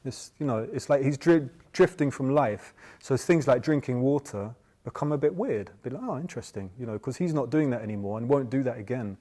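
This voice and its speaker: A man's voice: medium pitch, expressive, brisk, few pauses, dark tone. A man giving an informal Buddhist talk, rambling and chatty, often checking in with "yeah?". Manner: chatty, tags points with "yeah?"; loose and rambling, with many restarts. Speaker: Buddhist teacher.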